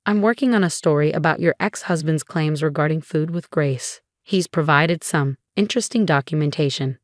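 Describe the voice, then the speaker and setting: A woman's voice: deep voice, normal speed, dry recording, studio quality, lightly acted. Woman narrator reading a businesslike woman reporter. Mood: probing.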